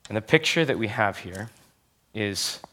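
A man preaching a sermon as a pastor, earnest and emphatic, slowing down to stress key phrases. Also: lowish voice, expressive, sharp tone.

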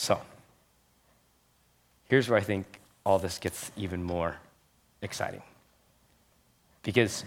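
A young adult man delivering a sermon from the pulpit, his voice sitting a little low. He talks earnestly and with emphasis, drawing out the key phrases. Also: fairly even intonation, unhurried, pauses often, a bit bright. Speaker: pastor.

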